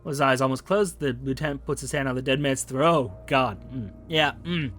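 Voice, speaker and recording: A man's voice: mid-range voice, fairly quick, a bit bright, faint music behind. A man narrating a detective game, reading the text aloud in a casual way with wry asides. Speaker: game streamer.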